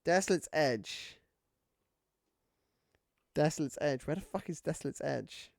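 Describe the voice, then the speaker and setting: A man's voice: on the high side, animated, unhurried, vocal fry, no room sound, studio quality. Rambling, swearing male streamer. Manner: rambling, swears a lot, many fillers. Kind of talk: casual gaming stream chat.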